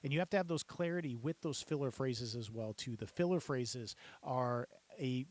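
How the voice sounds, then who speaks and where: Upbeat male auctioneer coach, mid-range voice, repetitive teaching style with bursts of fast chant. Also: medium pitch, darkish tone. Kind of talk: instructional talk to camera.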